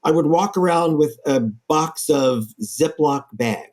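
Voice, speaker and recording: A man, an architect guest, telling stories in a lively, animated way in a podcast interview. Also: on the high side, a little slow. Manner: lively storyteller, acts out quoted voices.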